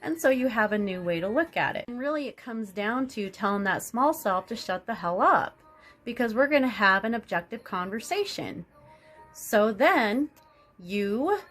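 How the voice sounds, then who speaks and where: A woman vlogger talking through a self-help idea in a rambling, casual monologue, often restarting her sentences and acting out everyday stories. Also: on the high side. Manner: rambling, many restarts and fillers; animated storytelling.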